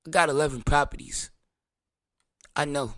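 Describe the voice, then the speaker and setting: A show host with a New York accent rants brashly and defiantly, swearing and mimicking his critics in whiny voices. His pitch is fairly high and a bit bright, with vocal fry, fairly even intonation, and normal speed, recorded clean in a studio with no echo.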